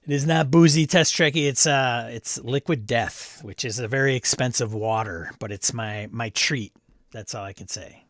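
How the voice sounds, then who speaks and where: A man's voice: medium pitch, moderate pace, fairly bright tone, no echo, studio quality. A man hosting a casual live-stream chat about tabletop games, greeting viewers by name, reading chat aloud and adding snarky asides. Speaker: livestream host.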